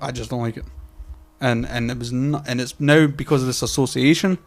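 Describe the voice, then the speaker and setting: A podcast co-host tells a story in casual chat, cursing freely and voicing both sides of every argument himself. His mid-range voice is fairly even in intonation and a little fast, filled with restarts and filler words.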